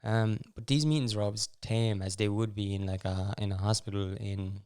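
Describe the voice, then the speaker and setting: A young Irish man with a lowish, smooth and resonant voice chats casually as a podcast host. He rambles through his stories, keeps breaking off to restart, and drops in wry little asides. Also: steady tone, normal speed, a little mellow. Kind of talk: casual storytelling chat.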